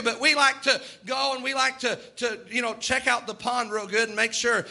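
A man's voice: very high-pitched, a little fast, few pauses, sharp tone. A man preaching a sermon, emphatic and repetitive, acting out the doubts of his listeners. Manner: emphatic, repeats words, acts out quoted doubters.

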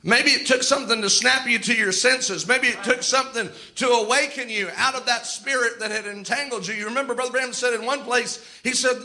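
Preacher man, very high pitched and sharp, vivid storyteller; sermon. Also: fairly quick, hardly any pauses, poor audio. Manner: vivid storytelling preaching, retells scripture and anecdotes.

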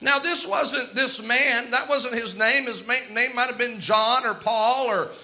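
A man's voice: very high-pitched, unhurried, bright, forceful tone, poor audio. A man preaching a sermon, retelling scripture and stories in a vivid storytelling manner.

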